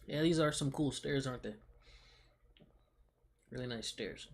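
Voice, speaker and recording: Young male streamer, husky voice, slangy laid-back rambling chat. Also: medium pitch, unhurried. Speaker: livestreamer. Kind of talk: casual livestream chat.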